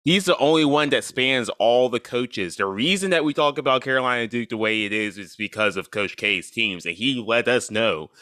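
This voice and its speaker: A man co-hosting a casual sports chat, animated and laughing often. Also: medium pitch, moderate pace, hardly any pauses, no room sound, clean studio sound.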